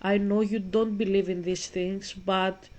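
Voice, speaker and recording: A woman's voice: medium pitch, level tone, unhurried, a little mellow, poor audio. A woman talking earnestly and emotionally to a viewer about faith while she plays a video game. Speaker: gaming streamer. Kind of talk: casual talk while playing a video game.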